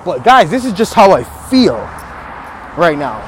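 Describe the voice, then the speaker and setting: A man with a high voice rants in a fired-up, trash-talking way, as if squaring up for a fight. He laughs between his lines. Faint noise sits behind him, recorded outdoors. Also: very animated, measured pace, gravelly. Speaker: podcast host. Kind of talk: fired-up motivational rant.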